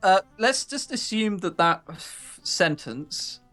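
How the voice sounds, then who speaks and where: A man's voice: sits high, lively intonation, slow pace, sharp tone, faint music behind. A man streaming a visual novel, chatting casually with a co-player and laughing through teasing banter. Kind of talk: casual live-stream chat.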